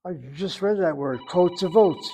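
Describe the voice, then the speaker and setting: A man's voice: fairly high pitch, darkish tone, a little hiss or hum, rough recording. Exacting man teaching a Hebrew class. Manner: corrective, precise and exacting; over-articulates words slowly. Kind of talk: online language class.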